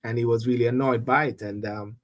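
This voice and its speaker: A man, a reverend, hosting a casual political chat show, talking in an animated way and often repeating words as he starts a thought. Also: mid-range voice, brisk.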